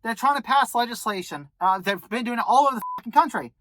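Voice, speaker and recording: A woman's voice: a little high, expressive, background noise. Angry, profane woman ranting. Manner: angry, profane, fast-talking rant. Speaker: vlogger. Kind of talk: ranting commentary to camera.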